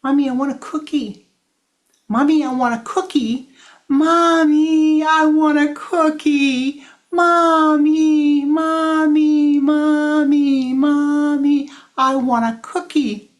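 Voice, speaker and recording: Pleading little boy, five, nags on repeat, high and loud, put on by a woman. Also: steady tone, slow pace. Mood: whining. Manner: nagging, repeating the same plea.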